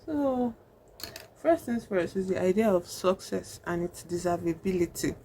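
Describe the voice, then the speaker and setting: Warm in tone and fairly low in pitch, a woman talks expressively at a measured pace while doing her makeup. She's vlogging a casual, rambling horror-film review thick with "like" and "you know," over slight background noise.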